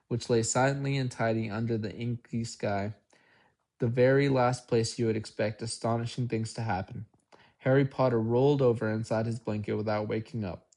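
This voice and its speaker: Male amateur audiobook narrator, unhurried, mid-pitched voice. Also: darkish tone. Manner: unhurried, occasional slips and restarts. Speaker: audiobook reader.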